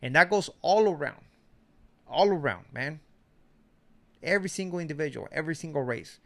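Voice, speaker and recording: A man's voice: on the high side, lively intonation, moderate pace, vocal fry. A middle-aged man from Mexico giving a blunt, slangy commentary monologue. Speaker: commentary streamer.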